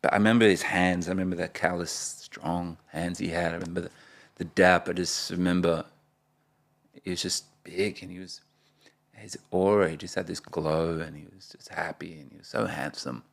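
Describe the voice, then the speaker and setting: A man, speaking in a very low voice with a rough, gravelly fry. He is a guest in a casual interview and tells his stories with animation, often breaking into laughter. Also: steady tone, normal speed. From Australia (Perth). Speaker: guest, rapper.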